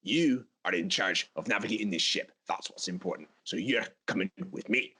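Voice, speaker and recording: A man's voice: mid-range voice, very animated, unhurried, vocal fry, bright, forceful tone, husky, pitched above the performer's own voice, full character voice. A man voicing a grumpy, bossy male dwarf sailor who huffs and barks orders in a tabletop game. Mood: impatient. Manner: huffing, impatient, barking orders.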